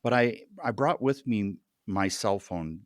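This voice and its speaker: Male guest, low register, unhurried earnest storytelling, halting restarts, dry close sound. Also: lively intonation, no echo. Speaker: podcast guest. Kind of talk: personal storytelling in an interview.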